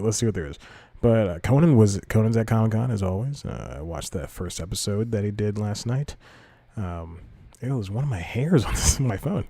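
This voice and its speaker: A man's voice: fairly low pitch, expressive, fairly quick, mellow, husky, dry recording. A young man hosting his own podcast, rambling loosely and restarting his sentences with self-mocking asides. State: slightly out of breath. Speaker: podcast host. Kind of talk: rambling solo podcast talk.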